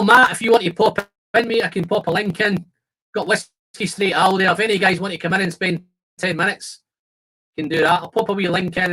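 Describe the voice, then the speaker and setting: A man's voice: high-pitched, pushed and bright, breathy edge, poor audio. A man hosting a casual live stream, chatting loosely and laughing often. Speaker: livestream host. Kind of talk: casual chat.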